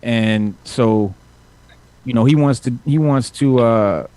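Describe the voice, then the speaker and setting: A man's voice: medium pitch, takes it slowly, dark tone, dry recording. A man hosting a casual chat, recapping a comic with lots of fillers and restarts. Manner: rambling, many fillers and restarts. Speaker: podcast host recapping comics.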